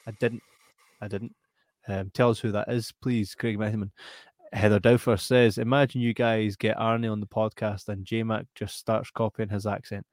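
A man with a Scottish accent hosting a podcast in casual chat, animated and laughing as he reads out viewer comments. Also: lowish voice, normal speed, no echo, studio quality. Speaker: podcast host.

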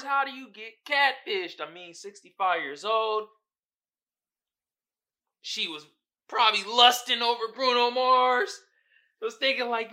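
A man's voice: very high voice, measured pace, pauses often, bright, forceful tone. A man hosting a podcast, riffing alone in casual, profane commentary and laughing often. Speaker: podcast host.

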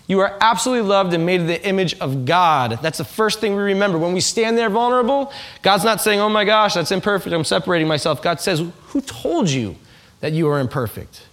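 A man's voice: high-pitched, a bit bright. A man preaching a conversational sermon to a congregation, asking them questions and acting out quoted voices. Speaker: pastor. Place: church in front of a congregation.

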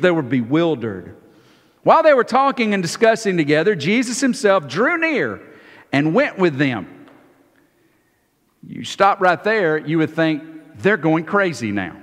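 Animated preacher in a reverberant hall. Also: male voice, sits high. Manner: conversational, animated, repeats words when starting phrases; acts out the disciples' lines in quick, lively bursts. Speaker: pastor. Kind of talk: sermon. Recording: long reverb of a large hall.

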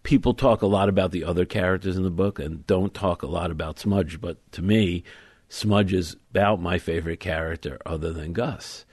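Author guest, low male voice, thoughtful and measured, dry close studio sound. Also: a little mellow, husky, no echo. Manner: thoughtful, measured, explains at length. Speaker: author being interviewed. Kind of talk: conversational interview.

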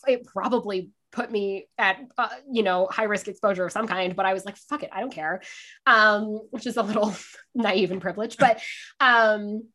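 A woman guest who performs in drag, chatting casually in an interview with lively, swearing storytelling. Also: mid-range voice. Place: sitting by a window, on a video call.

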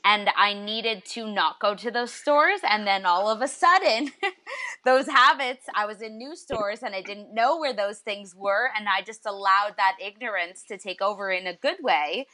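A woman's voice: medium pitch, normal speed, pushed and bright. A woman hosting a casual interview, affirming her guest and asking guided questions. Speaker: interview host.

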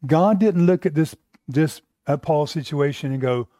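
A man's voice: a little high, measured pace, warm tone, dry recording, clean studio sound. An American man teaching a Bible class, asking the room questions and repeating himself as he builds his points.

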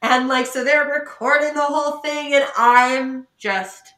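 A woman's voice: high-pitched, fairly even intonation, measured pace, pushed and bright, reverberant. A woman podcast co-host from the Pacific Northwest telling a story in casual chat, self-mocking and laughing often as she acts out what others said. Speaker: salon owner.

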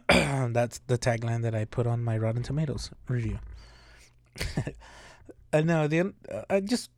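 A man hosts a solo podcast of casual commentary, rambling with heavy swearing and frequent laughter. His mid-range voice is a little slow with many pauses, and the recording is dry.

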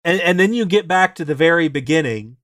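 A man with a fairly high, very lively voice, chatting casually about a game he played, jumping into quick impressions of the characters. The sound is close and dry, with no room around it. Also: dry recording. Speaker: podcast co-host. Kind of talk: casual game recap chat.

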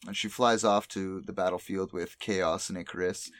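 A man's voice: sits low, normal speed, no room sound. A man casually recapping an anime plot on a podcast, swearing freely as he talks. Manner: profane, animated recapping. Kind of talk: casual chat.

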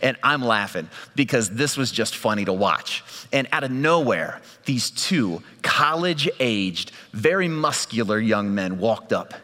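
A male pastor giving a sermon, telling a personal story in a lively way and laughing often. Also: mid-range voice, a little slow, big-room sound.

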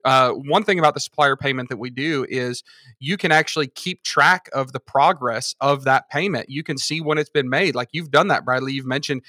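A man with a bright, forceful tone talks through examples at length in a casual podcast chat. His voice is dry and close, with no room sound behind it. He explains patiently and in detail. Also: mid-range voice, normal speed, no echo. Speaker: guest from a seller funding service.

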